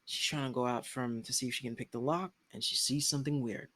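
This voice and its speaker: A young man co-hosting a casual TV episode discussion, slangy and animated, often breaking into laughter as he retells scenes. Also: medium pitch, fast talker, no echo. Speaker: podcast co-host.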